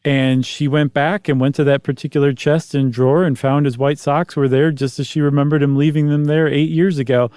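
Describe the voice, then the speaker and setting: A man with a somewhat high voice who lays out the facts of a history story in relaxed podcast talk. He walks through events step by step with small asides. The recording is dry and close. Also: brisk, hardly any pauses, clean tone, no echo. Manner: explanatory, recaps facts with asides. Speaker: podcast co-host. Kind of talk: casual storytelling chat.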